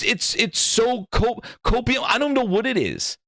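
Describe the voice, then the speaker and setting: A man's voice: extremely high pitch, animated, measured pace, few pauses, bright, forceful tone, dry recording, clean studio sound. A man hosting a gaming channel, ranting in heated, exasperated commentary with swearing and mocking asides.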